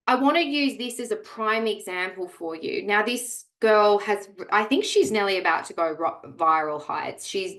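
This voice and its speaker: A woman's voice: fairly low pitch, a bit bright, echoey room. A woman coaching real estate agents in a webinar, speaking energetically and emphatically straight to her audience. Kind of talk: webinar presentation.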